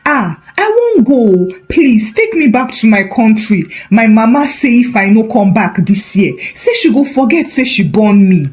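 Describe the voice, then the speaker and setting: A woman's voice: fairly high pitch, sing-song, measured pace, few pauses, darkish tone. Woman doing a panicky broke janitor man. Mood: pleading. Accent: Nigerian. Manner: panicky Nigerian Pidgin. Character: nervous broke male janitor, excitable.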